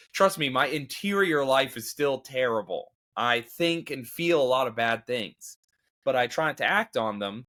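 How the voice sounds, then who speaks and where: A man's voice: mid-range voice, pushed and bright. A man in his thirties talking candidly and emotionally about faith and grief, rambling with restarts and occasional laughs. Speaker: comedian and podcast guest. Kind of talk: candid conversational talk.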